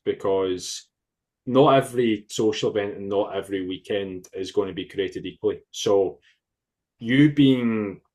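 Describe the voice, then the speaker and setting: A man's voice: fairly low pitch, husky. A man co-hosting a fitness podcast in casual chat, explaining things with loose restarts and the odd swear word, recorded over a remote call. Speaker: podcast co-host, fitness coach.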